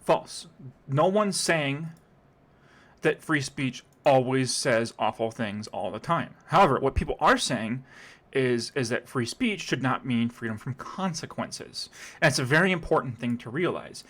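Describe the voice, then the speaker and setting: A man at an ordinary pitch reacts to a video in casual, sarcastic commentary. He rambles and keeps breaking off to restart his sentences. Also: lively intonation, unhurried, a bit bright.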